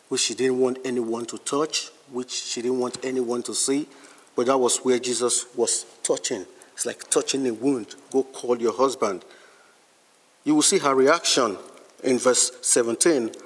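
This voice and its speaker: A male preacher delivering a sermon at an unhurried, measured pace. His voice sits at an ordinary middle pitch and carries a long reverb tail, as if from a large hall. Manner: slow, deliberate delivery with emphatic scripture readings.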